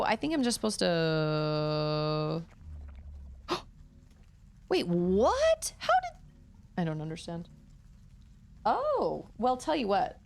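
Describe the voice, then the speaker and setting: Gravelly low-voiced woman streamer. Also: wildly swooping pitch, slow pace, pauses often. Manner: thinking aloud, chatty and self-mocking. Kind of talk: casual gameplay chat.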